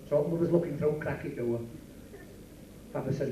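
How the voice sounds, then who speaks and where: Yorkshire man, high-ish, bossy straight man, distant echoey live club tape. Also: steady tone, a little fast, pauses often, mellow, a little hiss or hum. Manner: blustering, scolding straight man. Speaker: club comedy double act lead. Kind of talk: club comedy double act. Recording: roomy live club recording from far off.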